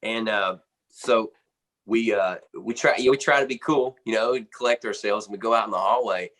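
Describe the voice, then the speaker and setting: A man from the United States tells a story as a guest in an interview. His voice sits on the low side. He talks loosely, with plenty of fillers and restarts. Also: brisk, a bit bright. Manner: rambling storyteller, many fillers and restarts, laughs often. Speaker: guest musician, drummer. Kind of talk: casual anecdote in an interview.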